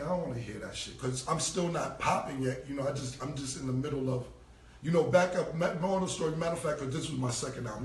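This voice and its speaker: A man telling a long, profane story on a phone livestream, loose and casual, acting out the people in it. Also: a little high. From New York. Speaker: rapper telling stories on a livestream. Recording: roomy, distant phone audio with faint noise.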